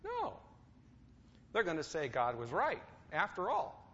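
A man's voice: sits high, wildly swooping pitch, a little slow, fairly bright tone. A man preaching a sermon, asking his listeners questions and acting out what others say. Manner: asks the listeners questions, acts out quoted speech. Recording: dull sound in a hall with long reverb.

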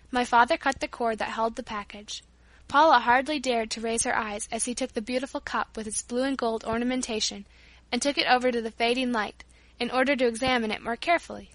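A woman reading a chapter of a novel aloud in measured storytelling narration. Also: fairly high pitch, steady tone, a bit bright, no room sound. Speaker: audiobook reader. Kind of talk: scripted narration.

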